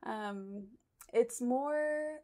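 A young woman from Idaho, a psychology graduate student, answering interview questions thoughtfully, with frequent pauses and ums. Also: on the high side, dark tone. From Idaho, USA. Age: young adult. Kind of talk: conversational interview.

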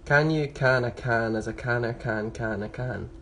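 A man's voice: mid-range voice, normal speed, fairly bright tone, slight background noise. A man chatting casually on a phone livestream, playful and giggly, trading tongue twisters. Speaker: livestream host.

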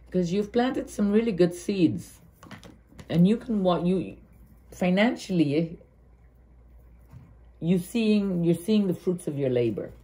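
A woman's voice: on the low side, warm tone. A woman with a Guyanese accent giving an earnest, heartfelt tarot card reading, thinking aloud and restarting her sentences. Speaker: tarot reader.

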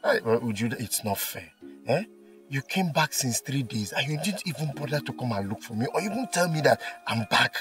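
An eager, earnest young village man with a Nigerian accent. His voice rises and falls in a lively way. The mic is distant, with faint music under it. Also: medium pitch, a little fast. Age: young adult. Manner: pleading, repeats himself. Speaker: son. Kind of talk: film drama acting.

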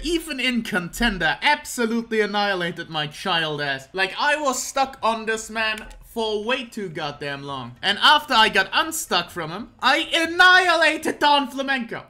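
A young man giving casual let's-play commentary, excitable and self-mocking, swearing often and breaking into laughter. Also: high-pitched. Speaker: gaming commentator.

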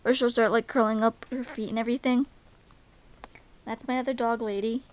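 A woman's voice: on the high side, fairly even intonation, fairly quick. Chatty young woman vlogger, filler-heavy. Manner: rambling, many "like" and "um" fillers; gushing baby talk to pets. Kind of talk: casual vlog chat.

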